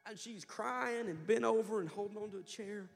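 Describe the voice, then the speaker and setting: High-voiced impassioned preacher in a church hall. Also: male voice, normal speed, gravelly, faint music behind. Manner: impassioned storytelling preacher, building to loud fervor. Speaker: pastor. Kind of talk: sermon. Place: church sanctuary.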